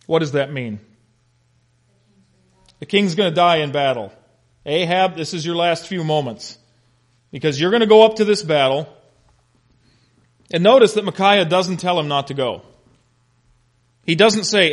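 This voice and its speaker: Animated man teaching a Bible lesson. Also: on the high side, unhurried, pauses often. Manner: animated, questioning the class, humorous.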